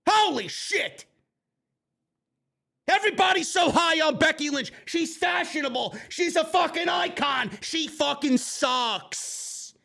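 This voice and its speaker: A man's voice: extremely high pitch, animated, slow pace, creaky, bright, forceful tone. A man reviewing a wrestling show in an angry, sarcastic rant full of swearing. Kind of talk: profane ranting show review.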